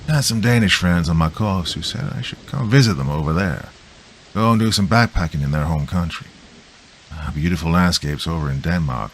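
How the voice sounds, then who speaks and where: A man voicing a weary, gruff old grandfather with a folksy drawl, recounting a horror. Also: low voice, fairly bright tone, slight background noise, rough recording. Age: older.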